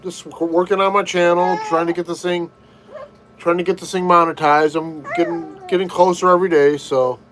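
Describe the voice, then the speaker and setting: A man's voice: fairly high pitch, flat delivery, normal speed, low-quality recording. A man hosting a casual live stream, chatting with viewers and greeting them by name. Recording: loud background noise. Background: loud noise.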